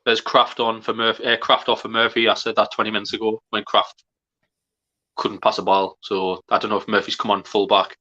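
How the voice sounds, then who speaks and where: A man co-hosting a live football watchalong, sweary and excitable. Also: lowish voice, brisk, dull audio. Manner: sweary, excitable, shouts at goals. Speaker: fan co-host.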